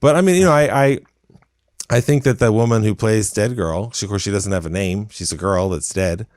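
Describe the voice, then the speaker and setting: Lower-voiced man reviewing films, dry mic. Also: no room sound. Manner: blunt, animated, quick restarts. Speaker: podcast co-host. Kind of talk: casual film review chat.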